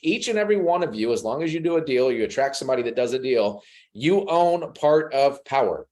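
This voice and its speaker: A man's voice: mid-range voice, fast talker. A man hosting a team sales call, giving motivational talk and acting out conversations with prospects over a video call. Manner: animated, acts out conversations with changed voices.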